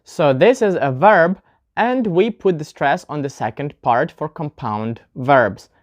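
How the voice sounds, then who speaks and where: Low-voiced woman teaching pronunciation. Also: expressive, highs cut off. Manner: chatty, often addresses viewers as "guys"; explains slowly, demonstrating word stress aloud. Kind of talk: casual online video lesson.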